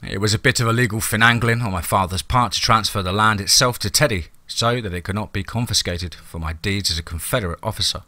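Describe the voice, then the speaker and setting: A man reading a horror story aloud as a first-person narrator, in a measured, formal and grave manner. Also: fairly low pitch, sharp tone, dry recording.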